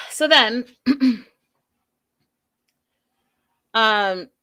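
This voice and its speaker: A woman hosting a podcast, giving an animated, emphatic, chatty recap of a reality show. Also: on the high side, very slow. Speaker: podcast host. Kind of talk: casual TV recap commentary.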